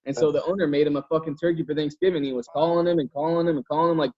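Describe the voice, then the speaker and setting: Raspy-free profane storyteller man, slightly high. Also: fairly even intonation, rapid-fire, darkish tone. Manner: profane, rambling, lots of fillers. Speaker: podcast host. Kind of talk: casual storytelling chat. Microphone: video call. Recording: dull lo-fi video call audio.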